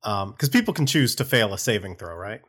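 A man's voice: fairly low pitch, lively intonation, brisk, fairly bright tone, slightly rough. A man playing a tabletop role-playing game, talking casually and laying out his plan. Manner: casual, explaining rules. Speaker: player.

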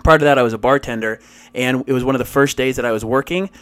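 A man's voice: medium pitch, quick pace, fairly bright tone, clear, resonant tone. A man co-hosting a podcast, rambling through casual stories, swearing and laughing often. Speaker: podcast co-host. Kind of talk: casual podcast chat and anecdote.

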